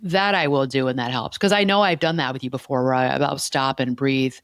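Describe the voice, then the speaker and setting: A therapist hosts a conversational podcast in a very deep voice, speaking a little fast in clean studio sound with no room echo. She explains things earnestly, repeating key words as she goes.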